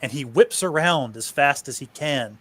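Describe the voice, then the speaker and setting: A man narrating a tabletop game as game master, with slow, deliberate delivery. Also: medium pitch, a bit bright.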